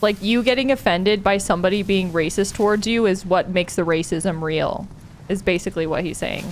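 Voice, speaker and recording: A woman's voice: mid-range voice, brisk, a little hiss or hum. A woman with a Californian Valley Girl accent, chatting casually as a streamer, dropping "like" constantly and laughing often. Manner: fills speech with "like" and "oh my God", laughs often. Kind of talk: casual chat while gaming.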